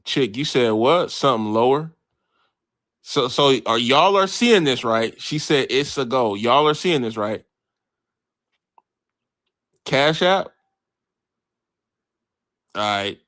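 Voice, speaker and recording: A man's voice: medium pitch, takes it slowly, long pauses, no echo, clean studio sound. A man hosting a late-night sports livestream, bantering with his chat in a brash, profane way and cursing freely. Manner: brash, animated, reads and answers chat, swears freely. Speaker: livestream host. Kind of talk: casual profane sports talk to live chat.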